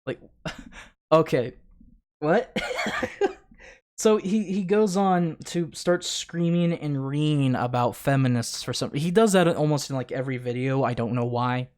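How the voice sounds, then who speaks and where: A man's voice: on the high side, normal speed, hardly any pauses, a little mellow. A man hosting a live stream, reacting to clips with mocking, sarcastic commentary full of swearing. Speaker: streamer host.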